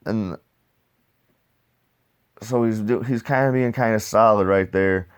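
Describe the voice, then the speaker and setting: A man's voice: lowish voice, unhurried, long pauses, smooth, dry recording, clean studio sound. A man casually reviewing comics in rambling, slangy talk, throwing in "dude" and swearing freely.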